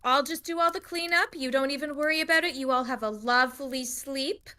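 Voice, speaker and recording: A woman's voice: high-pitched, a little fast, pushed and bright, pitched above the performer's own voice. A woman voicing a kindly female innkeeper who stammers and gushes with gratitude, in her own home accent. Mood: fussing. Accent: the DM's own home accent. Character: kindly fussing female innkeeper, grateful and generous.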